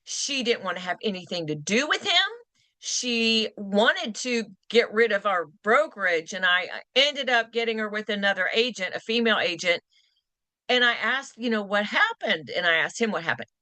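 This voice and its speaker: A woman's voice: medium pitch, expressive, normal speed, sharp tone, no echo. A woman giving a real estate training class in a conversational, emphatic way, repeating phrases for stress. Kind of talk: continuing education class talk.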